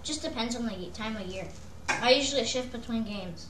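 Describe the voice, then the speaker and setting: A woman's voice: fairly high pitch, moderate pace, a bit bright, roomy sound, recorded from a distance, slight background noise, rough recording. A woman co-host answering questions in casual chat, hesitant and full of fillers.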